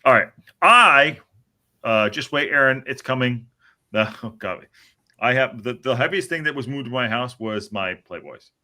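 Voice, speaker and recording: A man hosting a podcast, calling match highlights in an excitable, joking play-by-play with some swearing. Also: normal speed. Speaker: podcast host. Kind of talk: casual match commentary.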